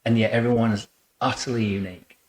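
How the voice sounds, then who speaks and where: Man, photographer host, relaxed interview, warm rambling chat, fillers and restarts, middle pitch. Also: brisk, a crowd in the background. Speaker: boudoir photographer and podcast host. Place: photo studio.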